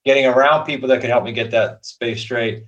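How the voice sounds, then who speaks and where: A man's voice: mid-range voice, fairly even intonation, fairly quick. Casting note: man in his fifties, reflective guest, slightly dull recording. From Boston area. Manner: reflective, conversational. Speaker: podcast guest. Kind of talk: interview answers.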